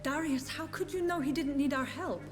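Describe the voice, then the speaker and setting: An actress playing a caring, gentle young female nurse in a video game. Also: high voice, normal speed, natural voice. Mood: concerned. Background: game music.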